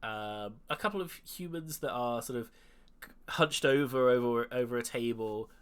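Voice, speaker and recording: A man running a tabletop game as dungeon master, narrating in a relaxed way with many fillers and restarts. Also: mid-range voice, normal speed, smooth.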